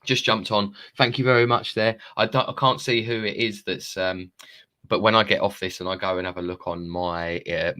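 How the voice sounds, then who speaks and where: A man in his thirties with a low, deep voice chats live to his viewers through a phone. He rambles from thought to thought, drops the odd swear word and laughs at himself. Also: sharp tone. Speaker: live-streaming self-help coach. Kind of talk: casual live-stream monologue.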